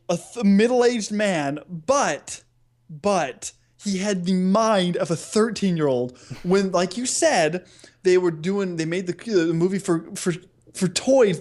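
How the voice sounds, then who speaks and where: An excitable man co-hosting a casual podcast about movies. His voice jumps around a lot in pitch and he laughs often as he talks. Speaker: podcast co-host. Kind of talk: casual movie-review chat.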